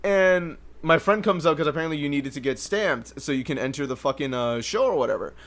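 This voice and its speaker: A young man hosting a podcast alone, telling a story in an animated, profane way and laughing often. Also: fairly high pitch, a little fast. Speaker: podcast host. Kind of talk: casual storytelling. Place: home livestream setup.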